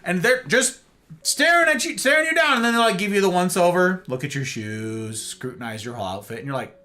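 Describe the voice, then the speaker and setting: Animated American man hosting a talk stream. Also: sits high, fairly quick. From United States. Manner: animated, keeps asking "right?" and "okay?". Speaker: host. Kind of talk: livestream monologue.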